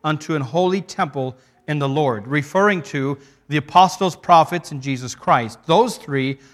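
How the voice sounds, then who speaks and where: A male preacher delivering a sermon to his congregation. His voice sits a little higher than most men's. He speaks earnestly, often stopping to restart a thought or to read scripture aloud. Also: normal speed.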